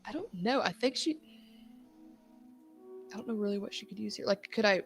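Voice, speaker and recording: A woman player in a tabletop game, thinking aloud, hesitant and excitable. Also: mid-range voice, moderate pace, vocal fry, faint music behind.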